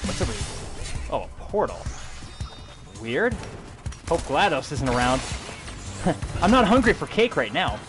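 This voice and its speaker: A young man streaming a video game, joking excitedly and swearing as he plays, laughing at his own jokes. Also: on the high side. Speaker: gaming livestreamer. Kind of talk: casual let's-play commentary. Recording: game music playing behind the voice.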